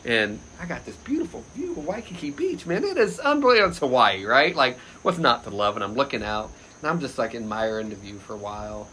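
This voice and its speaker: A man telling a funny personal story as a podcast guest, loose and animated, often laughing and shouting out the lines he quotes. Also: medium pitch, a little fast, few pauses, slight background noise. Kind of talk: casual anecdote storytelling.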